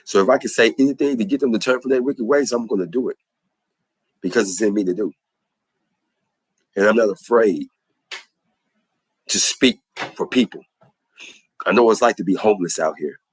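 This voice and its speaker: A man with a low, husky voice preaches in an earnest testimony style. He leans on repetition and emphatic rhythms. The sound is dry and close, with no room echo. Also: moderate pace, long pauses. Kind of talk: impassioned spoken testimony.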